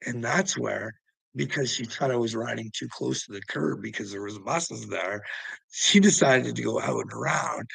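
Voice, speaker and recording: A man's voice: medium pitch, vocal fry, fairly bright tone, slightly rough, no room sound, rough recording. A man angrily telling a story about a run-in with police, swearing heavily and sounding agitated. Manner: profane, agitated, heavy swearing. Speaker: vlogger telling a personal story. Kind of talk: angry storytelling rant.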